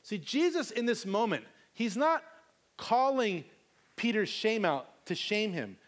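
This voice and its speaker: A man's voice: high-pitched, very animated, unhurried. A man preaching a sermon, reading scripture and then retelling it in a casual, conversational way with slangy asides.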